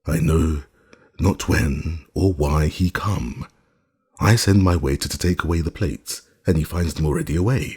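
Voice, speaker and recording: A man's voice: a bass voice, moderate pace, darkish tone, breathy edge, full character voice. A man voicing an anxious hotel proprietor who stammers and speaks in an agitated, broken way. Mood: bewildered. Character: anxious male hotel proprietor, helpless and panicking.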